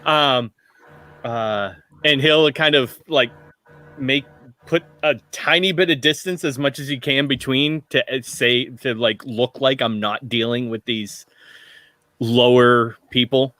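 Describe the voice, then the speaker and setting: A man playing a tabletop game. His voice is bright and forward, recorded dry and close. He chats along and pokes fun at himself. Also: mid-range voice, slow pace, no room sound. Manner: self-mocking, chatty. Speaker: player.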